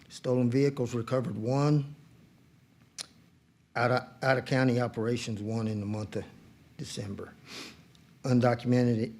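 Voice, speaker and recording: Sheriff guy reading off numbers, low key, warm dark tone. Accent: Texan. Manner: reads figures in a list with brief fillers. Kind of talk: reading monthly statistics at a public meeting.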